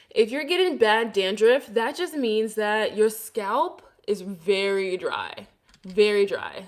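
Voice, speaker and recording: A woman with a Brooklyn New York accent chats casually, giving hair care tips as she reads out viewer comments. Her voice sits at an ordinary middle pitch. The sound carries a noticeable room echo. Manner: chatty, answers viewer comments with advice. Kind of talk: casual livestream chat with viewers.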